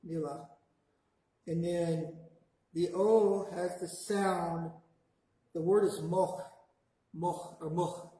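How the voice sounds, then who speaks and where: A man teaching a language class, patiently modelling words slowly for the class to repeat back. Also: high-pitched, fairly even intonation, mellow. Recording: very echoey classroom.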